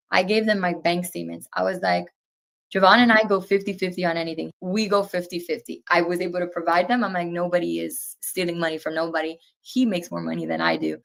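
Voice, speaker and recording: A woman in her twenties, with a fairly low, creaky voice, is a guest sharing a personal story. She tells it earnestly and indignantly, acting out each exchange as it happens.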